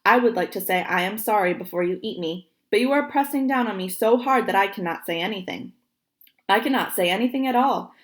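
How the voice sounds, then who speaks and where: A woman voicing a small, quick-witted male squirrel in a storybook reading. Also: medium pitch, close to an everyday voice. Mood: pleading.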